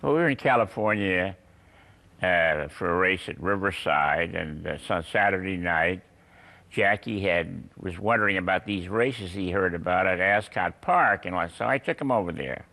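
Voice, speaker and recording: An older man telling anecdotes in an interview, chuckling and pausing with frequent uhs. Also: deep voice, gravelly, sharp tone. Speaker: guest. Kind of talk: storytelling interview.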